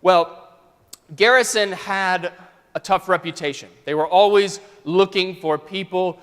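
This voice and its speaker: A man preaching in a church sanctuary, telling a story in a smooth, resonant voice that sits a little high for a man. He shifts between loud and soft passages as he tells it, and long church reverb rings after each phrase. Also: a little slow. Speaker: pastor. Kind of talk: storytelling sermon.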